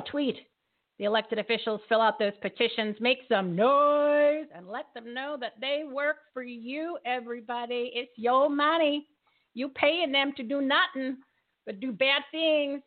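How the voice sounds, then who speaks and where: A woman hosting a live show in an energetic, emphatic way, rallying her audience. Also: fairly high pitch. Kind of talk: casual live show talk. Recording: tinny phone-like line.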